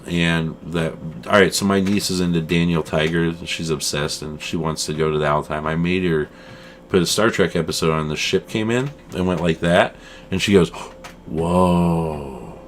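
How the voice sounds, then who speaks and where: A middle-aged man co-hosting a casual chat show, rambling and animated, calling his friend "dude" and "man". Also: low-pitched, a little hiss or hum. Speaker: podcast co-host.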